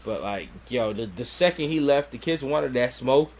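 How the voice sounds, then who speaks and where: Man, podcast co-host, casual, laid-back, profane, medium-pitched voice. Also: animated, normal speed, a crowd in the background. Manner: laid-back, profane, retells scenes in detail. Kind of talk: casual chat reviewing a cartoon.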